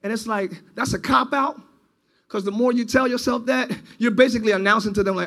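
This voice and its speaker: A male pastor delivers a sermon in a church, his voice sitting unusually high for a man. He swings between ringing, stretched-out shouts and low, almost confiding talk. The delivery is loose and conversational, full of call-and-response. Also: a little fast. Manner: preaching, swings from shouting to quiet intimate talk.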